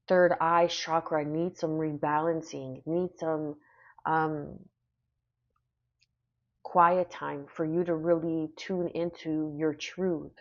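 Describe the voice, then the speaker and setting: A woman's voice: low voice, highs cut off. A woman doing a casual spoken tarot reading, rambling and reassuring with many fillers. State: hiccuping. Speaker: tarot reader.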